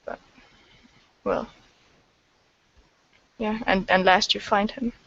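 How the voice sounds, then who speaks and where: Hesitant woman game master, gravelly voice. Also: mid-range voice, steady tone, takes it slowly, a bit bright, highs cut off. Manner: hesitant, many fillers and restarts. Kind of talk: narrating a tabletop game.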